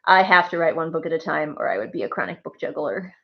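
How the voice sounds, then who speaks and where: A woman's voice: low voice, quick pace, creaky, lo-fi sound. A woman chatting casually on a live stream from her home, rambling and laughing often. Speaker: streamer and writer. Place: home with pets.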